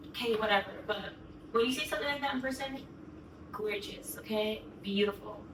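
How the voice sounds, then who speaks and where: A young woman vlogger tells a story to camera, gushing and chatty, saying "like" constantly. Her voice is a little high and brisk, recorded in an echoey room from a distant mic with background noise.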